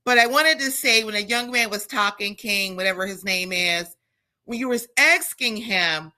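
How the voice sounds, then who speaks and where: A woman's voice: fairly high pitch, moderate pace, pushed and bright. A woman calling in to a talk show, a teacher, speaking bluntly and emphatically. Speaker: caller, teacher. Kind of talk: call-in radio talk.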